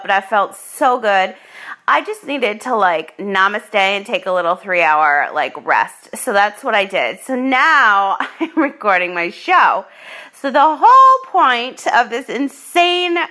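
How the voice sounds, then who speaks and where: Brief: woman solo podcast host, slightly high and bright voice, rambling and filler-heavy, laughs through her story. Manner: chatty, filler-heavy, laughing as she tells it. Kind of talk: casual storytelling monologue.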